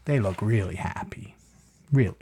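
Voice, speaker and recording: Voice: low voice, normal speed, dark tone, a little hiss or hum. A storyteller reading a picture book aloud to a child, often stopping for chatty asides and questions to the listener.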